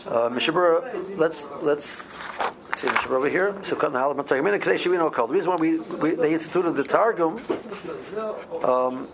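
A man, teaching a halacha class in a halting way, with many ums and restarts. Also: a little high, background noise. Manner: halting, many ums and restarts, mixes Hebrew and Aramaic terms. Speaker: Torah teacher. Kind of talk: halacha class explaining Jewish law.

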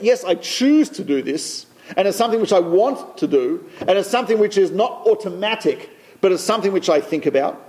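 Lay teacher, man with a high voice, anecdotal talk, repeats himself for emphasis. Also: a little mellow. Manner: storytelling, repeats phrases for emphasis.

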